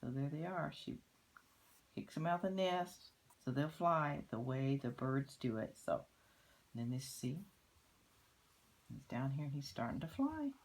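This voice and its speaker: An older woman reading a picture book aloud, gently pointing out details in the pictures. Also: sits low, sing-song, unhurried, long pauses, slightly rough, low-quality recording. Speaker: grandmother reading to children.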